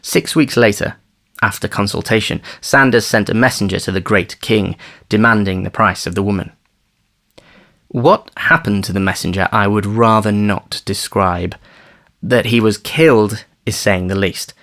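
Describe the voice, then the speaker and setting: A man narrating an audiobook thriller in a measured, wry storytelling manner. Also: fairly low pitch, a bit bright. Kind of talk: scripted narration.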